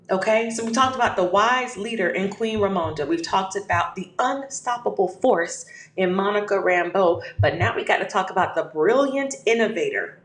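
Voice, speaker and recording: A woman hosting a podcast, giving a motivational talk with emphatic, repeated affirmations and calling the listener "baby". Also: mid-range voice. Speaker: podcast host. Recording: echoey room.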